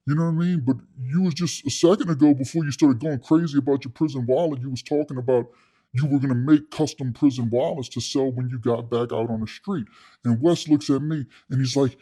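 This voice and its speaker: A man's voice: medium pitch, fairly even intonation, brisk, mellow. A man casually telling a comic story, rambling with slang and fillers. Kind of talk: comedic storytelling.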